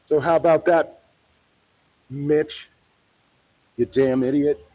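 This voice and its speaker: A man filming a street vlog, switching between low muttered asides to the camera and sarcastic, mock-formal heckling. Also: steady tone, takes it slowly, warm tone, rough recording. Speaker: protester filming himself.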